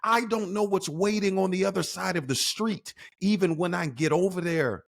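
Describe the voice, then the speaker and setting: A man with a high, husky voice co-hosts a casual faith podcast. He talks emphatically and acts out lines of inner dialogue. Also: moderate pace, few pauses. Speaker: podcast co-host.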